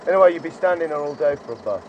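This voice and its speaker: A man playing a pushy, fast-talking driver. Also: fairly high pitch, animated, muffled recording, a little hiss or hum, natural voice. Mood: insistent. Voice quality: insistent, chatty. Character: pushy friendly male driver. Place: in a car.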